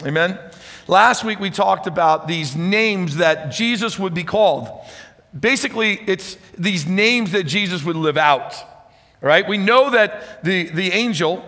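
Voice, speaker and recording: A man preaching a sermon as pastor, chatty and energetic, speaking to a congregation. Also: high-pitched, measured pace. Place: church hall with audience. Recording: reverberant church hall.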